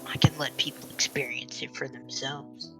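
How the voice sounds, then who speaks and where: A man on voice chat during a stream, giving short, deadpan, dry refusals. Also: mid-range voice, normal speed, music in the background, poor audio. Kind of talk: casual chat.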